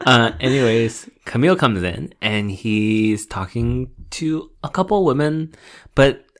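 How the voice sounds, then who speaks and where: A man's voice: mid-range voice, expressive, unhurried. A man co-hosting a podcast, rambling casually about a reality show with many ums and restarts. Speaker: podcast co-host.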